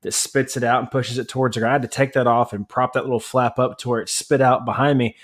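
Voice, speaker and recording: Male podcast co-host, casual chat, animated rambling storyteller, mid-range voice. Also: mid-range voice, fast. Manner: married family man.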